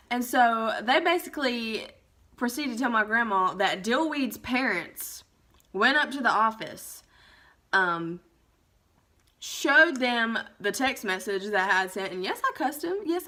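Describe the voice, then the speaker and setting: A young woman vlogger telling a story from her teens in a casual, profane, animated way, acting out the people she quotes. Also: on the high side, moderate pace.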